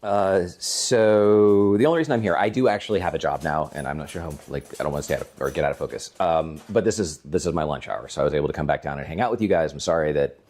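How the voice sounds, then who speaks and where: A man's voice: very deep voice, fast talker, few pauses, a little mellow. A man co-hosting a gaming stream from home, telling long rambling stories in casual chat and chuckling often. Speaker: co-host of a gaming channel.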